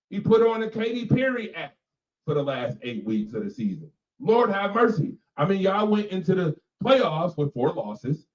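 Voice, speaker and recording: A man hosting a radio show, ranting casually and emphatically about football, repeating lines for effect. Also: sits high. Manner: laughs between remarks. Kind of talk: casual sports rant. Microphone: personal microphone. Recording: echoey, distant, dull mic sound.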